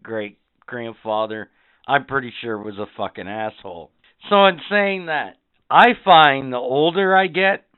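A man's voice: mid-range voice, clear, resonant tone, no room sound. A man co-hosting a podcast in crude casual chat, dry and sardonic, swearing freely. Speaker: podcast co-host. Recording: dry tinny phone-like audio.

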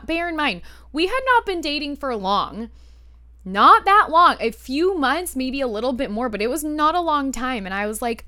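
A woman hosting a podcast, telling a personal story in a candid, animated way and swearing freely. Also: a little high, brisk, no echo. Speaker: podcast host. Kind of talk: casual storytelling monologue.

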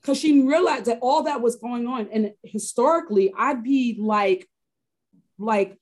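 Mellow, reflective woman from Harlem. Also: a little high, a little slow. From Harlem, New York. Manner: reflective, with frequent restarts and fillers. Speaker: interview guest. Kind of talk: personal storytelling in an interview.

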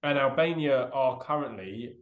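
A man's voice: medium pitch, moderate pace, narrow, tinny audio. Sarcastic man, roomy echo. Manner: dry, sarcastic, swears casually, reasons out loud. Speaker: podcast co-host. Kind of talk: casual chat.

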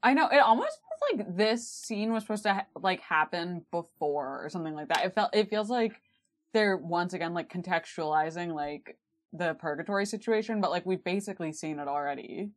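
A woman's voice: fairly low pitch, animated, a little fast. A woman co-hosting a podcast in casual, profane, filler-heavy chat. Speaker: podcast co-host.

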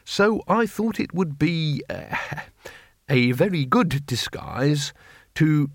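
A man's voice: a little high, animated, slow pace, no echo, studio quality, exaggerated voice. A man voicing a nervous, pedantic schoolteacher who hesitates and keeps correcting others.

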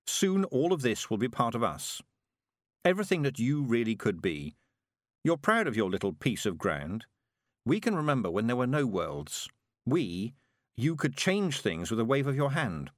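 A man's voice: medium pitch, sing-song, moderate pace, no room sound, clean studio sound. A man voicing a sinister shape-shifting creature that speaks as a girl, coaxing and menacing.

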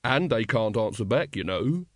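A man's voice: lowish voice, animated, normal speed, dry recording, studio quality, close to an everyday voice. A male narrator voicing a pompous middle-aged man who lectures knowingly about kings. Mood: lecturing. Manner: ponderous and lecturing. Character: pompous middle-aged man, a self-appointed royalty expert.

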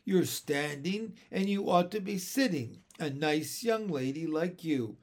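A man voicing a jolly elderly uncle, hearty and booming, talking through fits of laughter. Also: expressive, measured pace, a little mellow. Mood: jovial.

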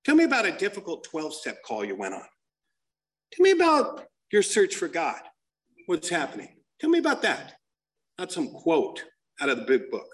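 This man's voice is a little high and moves at normal speed. At a recovery meeting, he shares stories that are crude, frank, and lively.

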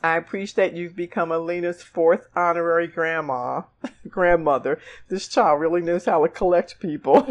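A woman's voice: fairly low pitch, fairly even intonation, normal speed. Tearful woman reading a heartfelt letter. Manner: emotional, close to tears, laughs between lines. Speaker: podcast co-host.

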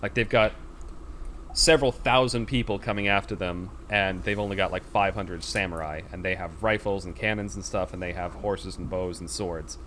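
A deep, fairly even male voice at a moderate pace, a bit bright, with slight hiss or hum. On a casual podcast he retells a film's plot in a rambling way, full of fillers and acted-out quotes.

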